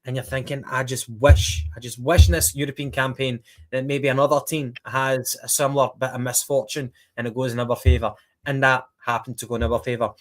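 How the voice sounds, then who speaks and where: A man talks casually on a football podcast. He hesitates with frequent ums and restarts, then gets animated recounting plays. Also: mid-range voice, fairly quick. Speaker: podcast co-host.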